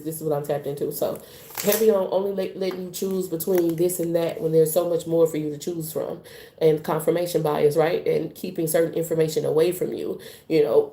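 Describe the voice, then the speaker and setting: Woman tarot reader, mellow, roomy echo. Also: sits low. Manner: casual, slangy, rambling. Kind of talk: live tarot card reading.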